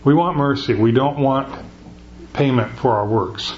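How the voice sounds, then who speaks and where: A man's voice: medium pitch, a little slow, dull audio, soft background music. A middle-aged man preaching a conversational sermon, often restarting his sentences. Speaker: pastor.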